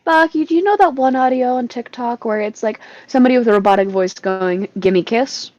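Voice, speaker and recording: A woman's voice: fairly high pitch, quick pace, a little mellow, no echo, muffled recording. A woman co-hosting a casual group podcast, talking bluntly and swearing freely. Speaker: podcast co-host.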